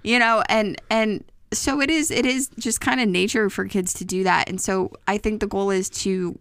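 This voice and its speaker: A woman in her thirties, co-hosting a casual parenting chat, chatty and quick to laugh. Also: medium pitch, fairly bright tone, clean tone, no echo, clean studio sound. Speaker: podcast co-host.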